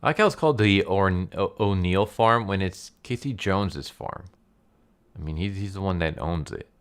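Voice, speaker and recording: A man's voice: low-pitched, moderate pace. A young man casually reviewing a comic book, laid-back and laughing often, with lots of fillers.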